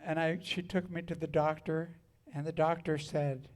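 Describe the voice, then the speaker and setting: A man's voice: fairly high pitch, little pitch movement, moderate pace, hardly any pauses, darkish tone. A man in his seventies telling stories on stage between songs, speaking frankly and wryly with crude jokes. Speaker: singer and storyteller on stage. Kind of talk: spoken storytelling between songs at a live show. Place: live music venue.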